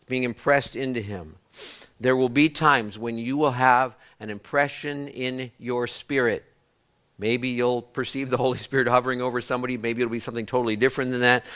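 A male pastor preaching a sermon in a church, with a voice of ordinary middle pitch. He tells long stories, stops and restarts words as he goes, and turns to the congregation with questions. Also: a bit bright.

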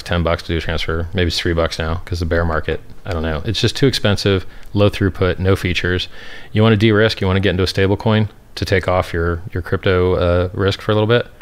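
Low-voiced, boastful crypto founder man. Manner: boastful, brash and scornful. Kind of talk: combative interview answers.

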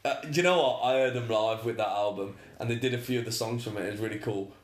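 A man's voice: fairly low pitch, quick pace. Young man, casual podcast co-host, agreeable and chatty, echoey room. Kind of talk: casual chat.

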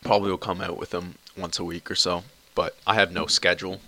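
A young Canadian man hosts his podcast alone from home on a cheap computer mic, which adds a little hiss or hum. His voice is low with little pitch movement, fairly quick, pushed and bright. His casual solo monologue rambles crudely, full of swearing and restarts.

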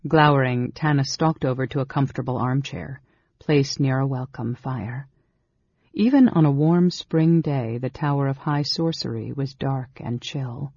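A man narrating a fantasy audiobook in a measured, steady storytelling manner. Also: mid-range voice, vocal fry, slightly rough, no echo. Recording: dull lo-fi audiobook recording.

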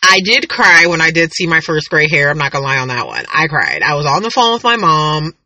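A woman's voice: deep voice, very animated, a little fast, pushed and bright, no room sound, rough recording. A woman in her thirties, hosting a casual podcast monologue and telling rambling, chatty stories with frequent laughs. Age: 30s. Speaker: podcast host.

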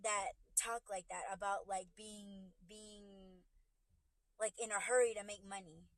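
On a livestream, a woman podcast host rants casually into her phone from her car, her mid-range voice steady and measured in a dry recording. She's blunt and profane, often restarting sentences as she works herself up.

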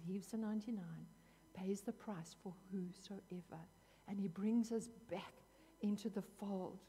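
A woman's voice: medium pitch, warm tone, slightly rough, long reverb tail. A woman preaching a sermon in an earnest, emphatic way, repeating phrases for weight.

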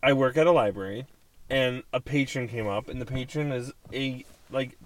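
A man's voice: mid-range voice, normal speed, far from the mic, poor audio. A man in his twenties, co-hosting a podcast and telling a rambling anecdote full of quoted dialogue. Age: 20s. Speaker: podcast co-host. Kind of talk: casual chat, storytelling.

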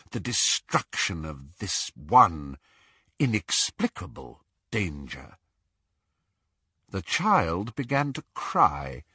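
A man narrating an audiobook with slow, dramatic delivery. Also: on the low side, bright, forceful tone, slightly rough, no room sound, studio quality.

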